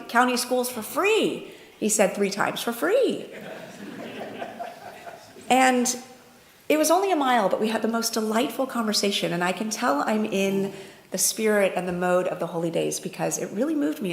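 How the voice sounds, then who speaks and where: A woman's voice: on the high side, creaky, reverberant. A woman telling a personal story at a religious service, in an easy storytelling way. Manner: warm storytelling, quotes others in dialogue.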